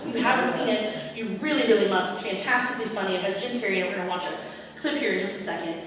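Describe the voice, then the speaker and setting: Animated woman preaching in an echoey church. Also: medium pitch, quick pace, a crowd in the background. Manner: animated, acts out scripture quotes, laughs often. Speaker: pastor. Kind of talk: sermon. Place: church sanctuary. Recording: echoey church hall from far off.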